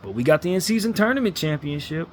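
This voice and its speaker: A man's voice: a little high, sing-song, fast talker, slight background noise. A man ranting as a sports fan commentator, blunt and frustrated, hammering his points with repetition.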